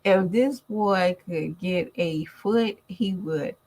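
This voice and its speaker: A middle-aged mother talking to her viewers in a chatty, animated storytelling way. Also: lowish voice, slow, poor audio. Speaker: vlogger and mother. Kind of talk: casual chat to viewers.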